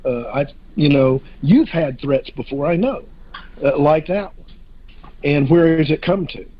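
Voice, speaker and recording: A man with a somewhat high, husky voice talks through a casual podcast discussion. He hesitates a lot, with fillers and restarts. The audio is muffled and lo-fi. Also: measured pace.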